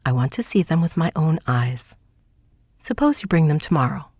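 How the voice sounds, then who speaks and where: A woman reading aloud and voicing a kindly old farmer father who speaks in a gruff, exclaiming way. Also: sits low, sing-song, moderate pace, a little mellow, no echo, heavily acted. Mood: hearty.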